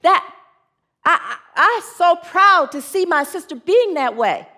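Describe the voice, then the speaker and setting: A woman's voice: very high voice, big pitch swings, a little slow, pushed and bright. A woman preaching a sermon, using call and response with her congregation and telling stories in an earnest way. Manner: earnest, storytelling with acted quotes.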